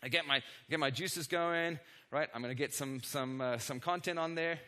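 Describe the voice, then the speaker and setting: Bright-voiced energetic male keynote presenter. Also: fairly high pitch, normal speed. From not from the United States. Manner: energetic, keeps checking in with tag questions; self-deprecating asides to the audience. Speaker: conference presenter. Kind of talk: live product demo keynote. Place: conference stage before a live audience.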